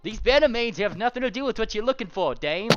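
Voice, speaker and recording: A man's voice: sits high, animated, fast talker, highs cut off, voice pushed up. A man voicing a grumpy, sarcastic male zebra with a hard-boiled, exasperated manner.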